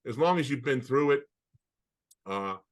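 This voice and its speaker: A man co-hosting a podcast over a video call, telling anecdotes in an animated way with many restarts. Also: medium pitch, unhurried. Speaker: podcast co-host. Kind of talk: casual storytelling chat.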